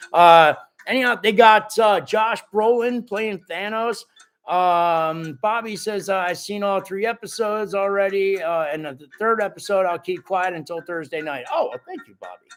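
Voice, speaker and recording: A man hosting a live stream, chatting casually and jokingly with his viewers and reading out their comments, his voice cracking a little. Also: sits high. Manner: animated and jokey, talks straight to the viewers.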